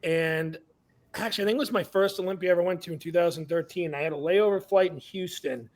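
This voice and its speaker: A man with a notably high speaking voice, talking casually on a podcast. His delivery is blunt and salty, and he stumbles through restarts as he tells his stories. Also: fast. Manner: blunt, profane storytelling with many restarts. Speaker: podcast co-host. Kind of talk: casual chat.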